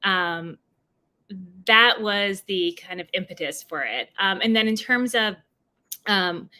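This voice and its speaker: A woman's voice: mid-range voice, lively intonation, takes it slowly, pushed and bright, clear, resonant tone. A woman from New Jersey, an author answering questions at a livestreamed book event, talking with many fillers and restarts over a video call. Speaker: author being interviewed.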